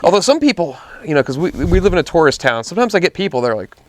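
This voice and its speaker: A man's voice: a little high, very fast, no room sound. A man telling a work story in casual chat, acting out the people in it. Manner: animated storyteller acting out quotes. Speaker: podcast co-host.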